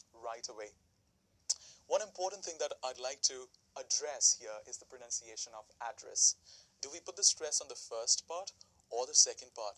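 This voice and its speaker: A man giving a recorded English lesson, his voice very bright and forward with a husky edge. He talks the viewer through each phrase with example sentences and asks them questions. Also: mid-range voice, rough recording. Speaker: English teacher.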